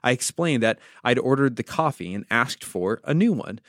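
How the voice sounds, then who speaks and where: A man's voice: medium pitch, expressive, moderate pace, a bit bright, no room sound. Dry-voiced man telling a devotional podcast. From United States. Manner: storytelling, wry asides. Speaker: podcast host.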